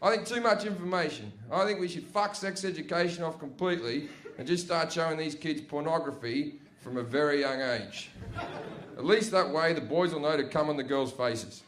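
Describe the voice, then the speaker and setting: A man's voice: normal speed, noisy background. A young man doing a crude, swearing stand-up comedy set on a club stage. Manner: crude, swearing, loud jumps in pitch and volume.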